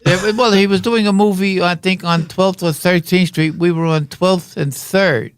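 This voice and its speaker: A man's voice: high-pitched, fairly even intonation, normal speed, clear, resonant tone, no echo. An older man, a guest on a podcast, telling rambling anecdotes and jokes in a casual way. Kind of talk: casual storytelling. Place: podcast studio.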